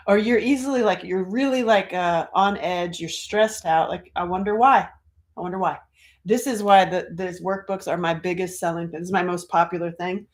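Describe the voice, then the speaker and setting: A middle-aged woman from North Carolina, an author talking casually on a livestream, chatty and animated, acting out quoted voices. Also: lowish voice. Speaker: author and speaker.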